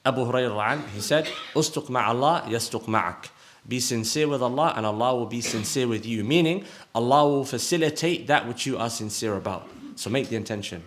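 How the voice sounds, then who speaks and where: A man's voice: medium pitch, fairly quick, slight background noise. A man from the audience earnestly urging listeners in a religious appeal, repeating his requests. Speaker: audience speaker. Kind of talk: religious exhortation.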